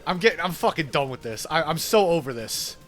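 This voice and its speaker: A man's voice: on the high side, animated, fairly quick, a bit bright, faint music behind. Chatty New York gamer guy. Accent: New York Italian-American. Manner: chatty, laughs often, swears casually. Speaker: game streamer. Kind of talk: casual chat while gaming.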